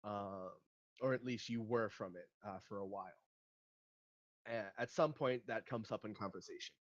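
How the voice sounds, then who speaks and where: A man narrating as game master of a tabletop game, relaxed and hesitant, with many fillers. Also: on the low side, moderate pace, highs cut off.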